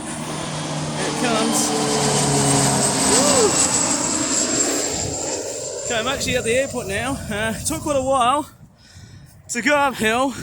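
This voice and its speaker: A man narrating a casual outdoor vlog, excitable and exclaiming often, out of breath as he hurries uphill. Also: very high voice. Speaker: vlogger. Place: outdoors in a park near an airport. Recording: loud outdoor noise.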